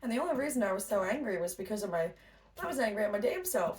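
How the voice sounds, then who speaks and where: A woman's voice: medium pitch, sing-song, fast, darkish tone. A woman giving a casual spiritual pep talk as a tarot reader, blunt and profane, often laughing. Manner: blunt, swears freely, laughs a lot. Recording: distant mic with faint noise.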